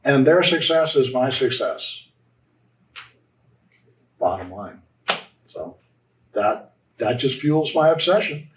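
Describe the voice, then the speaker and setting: A man's voice: mid-range voice, expressive, slow, pauses often, a little hiss or hum. A man who founded an orthodontic practice, answering interview questions in a passionate, rambling way. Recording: roomy echo, distant mic.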